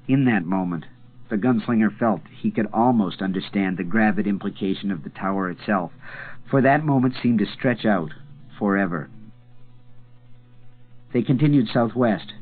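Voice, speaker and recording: A man reading a novel aloud in a measured, dramatic narration with slow pauses. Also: fairly low pitch. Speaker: audiobook narrator. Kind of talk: scripted narration. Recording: tinny phone-like sound.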